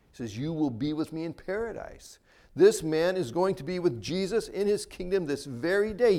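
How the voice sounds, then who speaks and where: Male pastor, slightly higher-pitched voice; earnest sermon delivery with rising and falling emphasis. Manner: earnest preaching, rises and drops for emphasis.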